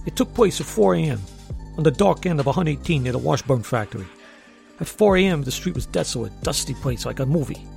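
A man's voice: fairly high pitch, gravelly, darkish tone. A man narrating a first-person story in a wry, tough-guy manner.

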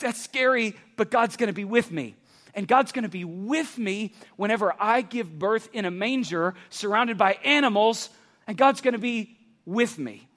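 A man preaching a sermon as pastor, building to passionate near-shouts and then dropping low and quiet. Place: church campus.

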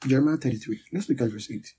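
A man's voice: mid-range voice, quick pace, mellow, slight background noise. A man preaching a sermon to a congregation, emphatic and repetitive, leading a prayer line by line. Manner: emphatic, repeats key words, leads a prayer line by line. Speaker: pastor.

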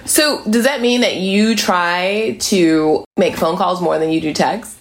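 A woman's voice: on the low side, a little slow. A woman hosting a casual chat, playful and teasing, laughing often. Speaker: host.

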